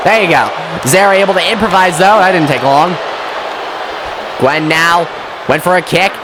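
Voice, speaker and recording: A man doing excitable, sweary play-by-play commentary on a wrestling match, often shouting at the action. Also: high voice, a little slow, crowd noise, background noise. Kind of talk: play-by-play video game commentary.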